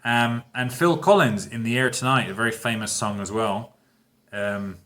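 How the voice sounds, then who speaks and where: A man, teaching a grammar lesson in a relaxed, patient way and often checking in with his students. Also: medium pitch, normal speed. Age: 30s. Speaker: English teacher. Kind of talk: casual online grammar lesson.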